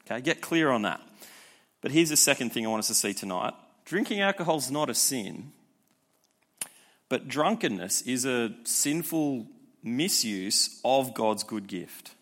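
A young man giving a youth sermon in a conversational, energetic way, with frequent rhetorical asides. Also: medium pitch, unhurried. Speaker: youth pastor.

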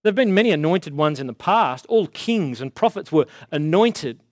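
A man preaching a casual sermon in a conversational way, slowing down to stress key words. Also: on the high side, expressive, no echo, studio quality.

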